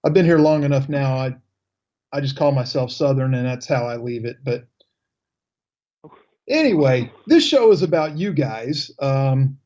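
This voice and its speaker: A man's voice: mid-range voice, animated, unhurried, long pauses, warm tone, lo-fi sound. A man in his fifties hosting a radio talk show, chatting casually and easily with his guests. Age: 50s.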